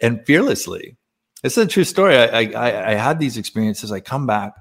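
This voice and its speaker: A man's voice: medium pitch, animated, a little fast, slightly rough. A man speaking as a podcast guest, telling a personal spiritual story in a casual, earnest way, laughing often and using many fillers.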